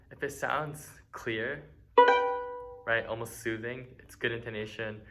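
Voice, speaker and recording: A man's voice: on the low side, fairly even intonation, a little slow, over loud music. An eighteen-year-old man giving a casual, friendly violin lesson, with many ums and uhs. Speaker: student violin teacher.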